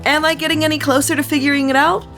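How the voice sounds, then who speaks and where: A woman's voice: high-pitched, little pitch movement, quick pace, a bit bright, soft background music. A woman, talking casually at home in the evening as she works through a mystery novel, chatty and self-mocking. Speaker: book vlogger. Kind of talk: casual chat reading a mystery aloud.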